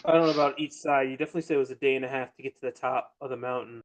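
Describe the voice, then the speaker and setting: A man's voice: mid-range voice, steady tone, very fast. A man playing a tabletop game, talking casually and restarting his phrases. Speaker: player.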